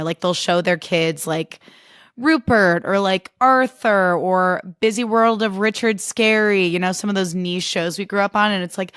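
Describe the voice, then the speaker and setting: Raspy-voiced woman podcast host. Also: medium pitch, unhurried, fairly bright tone, dry recording, studio quality. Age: 30s. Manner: gushing, chatty, swears casually. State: raspy after a birthday weekend. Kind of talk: casual podcast chat.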